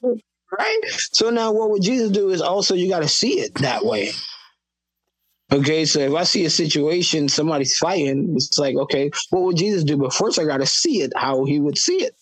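A man's voice: on the high side, lively intonation, moderate pace, slightly rough, dry recording, low-quality recording. A man, a Christian hip hop artist from Florida, telling stories in a casual podcast conversation and acting out the voices of people he quotes.

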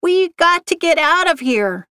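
A woman's voice: fairly high pitch, expressive, normal speed, no room sound, studio quality, natural voice. A woman voicing Kim, a frightened woman researcher who sounds urgent and pleading. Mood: anxious.

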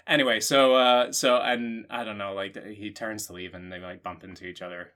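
A Scottish man co-hosting a podcast, riffing through jokes in a deadpan, rambling way. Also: lowish voice, moderate pace. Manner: deadpan, rambling joking riffs. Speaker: podcast co-host. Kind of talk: comedic casual chat.

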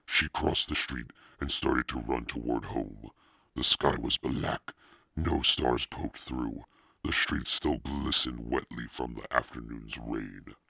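Man, audiobook narration, steady, bright tone, dry close sound. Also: a bass voice, takes it slowly, vocal fry, breathy edge, no room sound. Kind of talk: scripted narration.

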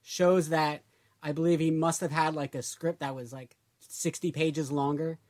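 A man's voice: fairly high pitch, level tone, measured pace, darkish tone. A man co-hosting a podcast in casual chat, talking loosely with lots of "like" and trailing phrases. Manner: chatty, trails off, many fillers like "like". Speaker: podcast co-host.

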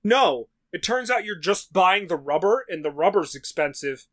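High-voiced man ranting a story. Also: normal speed. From New York. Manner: animated, swearing, acts out quotes. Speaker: podcast co-host. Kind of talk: casual storytelling chat.

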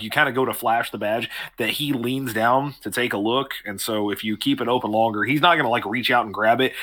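A man's voice: mid-range voice, pushed and bright. A man narrating a tabletop game as game master, describing scenes in a rambling way with many ums and restarts.

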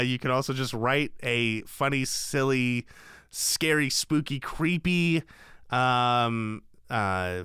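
A man's voice: medium pitch, clear, resonant tone, no room sound, clean studio sound. A young man co-hosting a podcast, chatting casually and joking with lots of fillers. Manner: joking, lively, filler-heavy. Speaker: podcast co-host. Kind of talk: casual chat.

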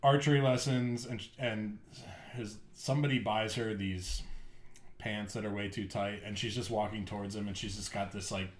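His voice runs on the low side with fairly even intonation and a moderate pace, and the sound is reverberant. As a podcast co-host, he keeps the chat casual, rambling and enthusiastic, heavy on fillers.

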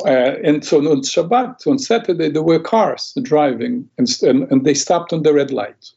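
A man with a gravelly, husky voice tells parables in a lively, animated way and slips into the voices of the people he describes. His tone is mellow and dark. The recording sounds dull and lo-fi. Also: on the high side. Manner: animated storyteller who acts out quoted voices. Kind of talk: conversational teaching with stories.

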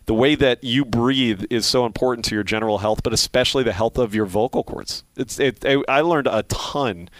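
A man's voice: mid-range voice, moderate pace, few pauses, no room sound. A middle-aged man from Philadelphia with a faint Philly accent, a sports play-by-play broadcaster talking reflectively in an interview, with many restarts and fillers. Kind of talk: casual interview talk.

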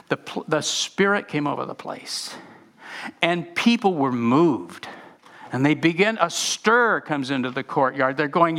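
Male pastor, gravelly and bright, animated sermon delivery with restarts. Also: on the high side, normal speed. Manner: animated, many restarts and repeated words.

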